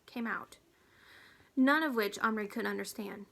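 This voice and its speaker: Woman reader for a children's chapter book, slightly high voice, steady pace. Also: moderate pace, gravelly. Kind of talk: storybook read-aloud.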